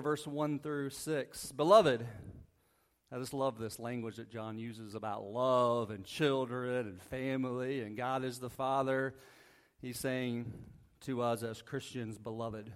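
Casual pastor preaching with frequent "right?". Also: male voice, mid-range voice. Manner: casual, asks the congregation "right?" often, jokes lightly. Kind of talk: conversational sermon with Bible reading. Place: church sanctuary.

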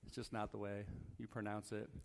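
Casual pastor preaching with frequent "right?". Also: male voice, fairly low pitch, little pitch movement, a little fast, vocal fry. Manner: casual, asks the congregation "right?" often, jokes lightly. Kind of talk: conversational sermon with Bible reading. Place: church sanctuary.

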